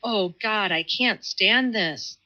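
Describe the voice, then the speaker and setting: A woman reading an audiobook, voicing a fierce, stubborn young atheist man who speaks slowly and vehemently. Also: mid-range voice, bright, forceful tone. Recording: slightly muffled audio.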